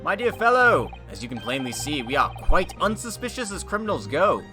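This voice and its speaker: A flamboyant, boastful detective, as a man puts him on while reading a game aloud, all grand theatrical diction. His voice leaps high and loud with wild swings of pitch, and game music plays behind. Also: very animated, fairly quick. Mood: excited. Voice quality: grand British-style diction. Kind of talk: voicing game dialogue.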